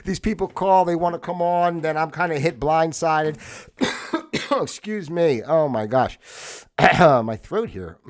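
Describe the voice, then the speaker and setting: A man's voice: fairly high pitch, lively intonation, takes it slowly. A man hosting his own livestream talk show, speaking casually with a rambling, filler-heavy, apologetic manner. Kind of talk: casual solo livestream chat.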